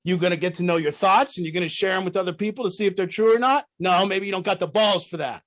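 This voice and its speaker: Blunt, profane man with a high voice. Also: quick pace. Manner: rhetorical questions, swings loud and high when worked up. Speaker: group leader. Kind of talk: group talk on addiction recovery.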